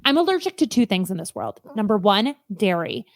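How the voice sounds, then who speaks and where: A woman co-hosting a podcast in casual comedic chat, animated and jokey, acting out quotes. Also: medium pitch, a little fast. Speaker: podcast co-host. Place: Chicago.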